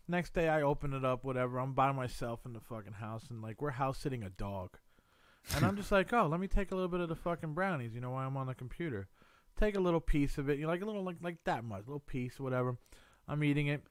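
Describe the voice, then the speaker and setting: A man, a podcast guest, casually telling profane, animated stories with lots of slang. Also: mid-range voice, fast talker, clean tone, no room sound. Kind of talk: casual storytelling chat.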